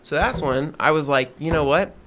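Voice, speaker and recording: A man with a slightly raised pitch tells a story on a podcast in a loose, chatty way. He leans into it, acting out every quoted line with lively emphasis. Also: moderate pace, slight background noise. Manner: animated, acts out quoted dialogue. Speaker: podcast co-host. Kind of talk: casual storytelling.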